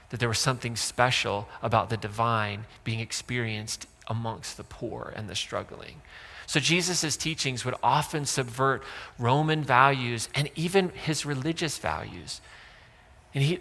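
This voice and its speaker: Gravelly pastor preaching in a big hall. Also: male voice, medium pitch, bright, forceful tone. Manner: conversational, joking, with many asides. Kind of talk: sermon. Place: church auditorium. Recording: long church reverb.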